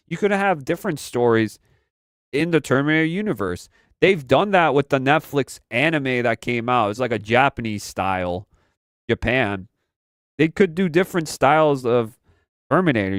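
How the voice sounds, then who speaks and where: A young man talks loosely through his live stream, looping back on his own phrases and throwing in slang. His voice is smooth and clean, set close to a dry mic with no room sound around it. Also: medium pitch, no room sound. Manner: rambling, repeats phrases, slangy. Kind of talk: casual pop-culture commentary.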